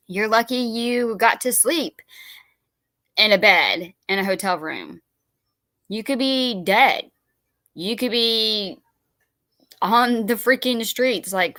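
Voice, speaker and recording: A woman's voice: lowish voice, pushed and bright, dry recording. A woman hosting a live stream, reacting to videos with incredulous, chatty asides to her viewers.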